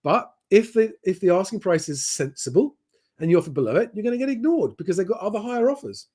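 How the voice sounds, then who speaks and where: A man hosts a live stream and answers viewer questions one by one. His voice sits a little higher than most men's. He talks in a loose, easygoing way, often pausing on "um". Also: husky. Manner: relaxed, conversational, frequent "um" fillers.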